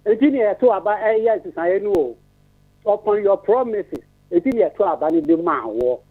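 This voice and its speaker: A man's voice: sits high, animated, moderate pace. A man calling into a radio phone-in. He rambles, repeats himself and mixes English with Twi. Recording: tinny phone line.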